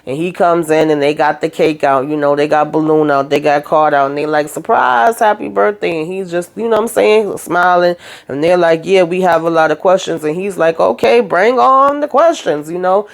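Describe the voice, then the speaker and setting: A woman's voice: deep voice, fairly even intonation, a little fast. A woman hosting a reality TV recap, talking in a casual, blunt and sassy way and speaking straight to the cast members.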